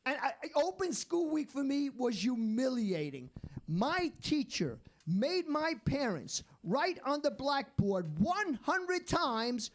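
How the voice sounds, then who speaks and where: A man doing a stand-up routine, delivering deadpan one-liners after slow setups. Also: extremely high pitch, a little hiss or hum. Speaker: stand-up comedian.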